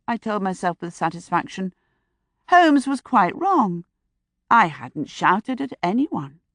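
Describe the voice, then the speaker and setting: A woman narrates a suspense novel in measured, wry first person. Her voice sits mid-range for a woman. The sound is close and dry, with no room around it. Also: medium pitch, a bit bright, no room sound. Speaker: audiobook narrator.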